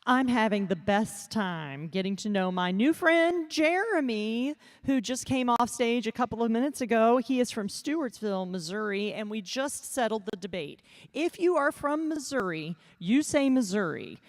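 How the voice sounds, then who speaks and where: A woman's voice: a little high, animated, normal speed, few pauses. A woman interviewing a contestant at an event, asking questions in a bubbly, upbeat way. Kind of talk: backstage interview. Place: event venue.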